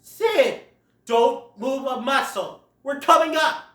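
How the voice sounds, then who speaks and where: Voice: sits high, takes it slowly, fairly bright tone, pitched above the performer's own voice. A reviewer doing a bossy scolding cartoon mammoth. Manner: scolding, commanding. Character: gruff protective cartoon mammoth. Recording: roomy sound, far from the mic.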